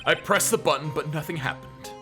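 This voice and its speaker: A man voicing a furious, vengeful older male prosecutor from a video game, shouting in drawn-out bellows. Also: on the high side, music in the background, close to an everyday voice. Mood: grim recollection.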